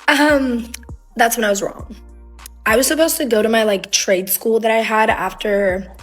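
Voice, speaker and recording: Young woman, high-ish voice, rambling storytime delivery full of "like", faint music underneath. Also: measured pace. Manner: rambling, heavy use of "like", emotional retelling. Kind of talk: casual storytime.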